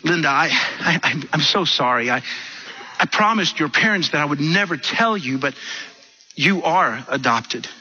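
A man voicing an apologetic older uncle who haltingly admits a family secret, on a dull lo-fi recording. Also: on the high side, expressive, bright, forceful tone, husky, pitched below the performer's own voice, exaggerated voice.

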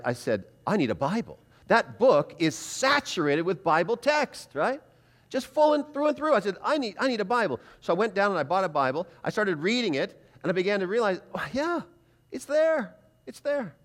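A middle-aged man gives a sermon-style testimony at a seminar. His voice sits a little high and swings widely as he tells the story and acts out what he once thought. The delivery is animated and conversational. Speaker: seminar preacher.

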